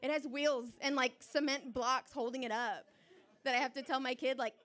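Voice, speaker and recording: A young woman tells a personal story on a theater stage before a live audience. Her voice sits a little high. She talks in an animated, chatty way and often breaks into laughter. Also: normal speed. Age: young adult.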